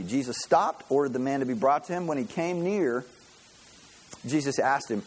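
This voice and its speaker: A man preaching a sermon, telling stories with animated energy and acting out the voices. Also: medium pitch, a little fast, husky, poor audio. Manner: animated storytelling, acts out voices. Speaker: pastor.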